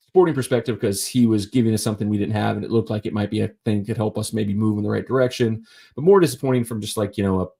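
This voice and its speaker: A man talks sports by himself on a live stream. His voice sits a little low, and he wanders through his points with lots of fillers and restarts. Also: vocal fry, warm tone. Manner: rambling, many fillers and restarts. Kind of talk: casual solo sports talk.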